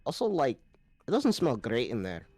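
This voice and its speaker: A man's voice: mid-range voice, huge pitch swings, moderate pace, darkish tone, husky, dry recording, faint music behind. A man playing a tabletop game, talking playfully and laughing. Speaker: player. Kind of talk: tabletop role-play chat.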